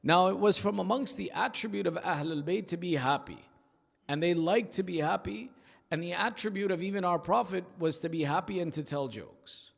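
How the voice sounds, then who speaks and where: A male preacher giving an emphatic, rhythmic sermon at an Islamic center, telling stories and dropping into hushed asides. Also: high voice, normal speed, gravelly. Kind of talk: sermon with storytelling. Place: large prayer hall of an Islamic center. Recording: long hall reverb.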